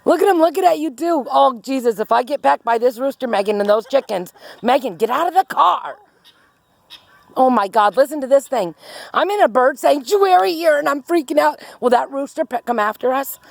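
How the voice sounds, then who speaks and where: A woman's voice: high voice, brisk, gravelly, dry recording. A woman vlogging outdoors on a handheld phone, panicky, calling out to her friend over and over with nervous laughter between pleas. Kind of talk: casual vlog commentary. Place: outdoors at a rural property with farm birds.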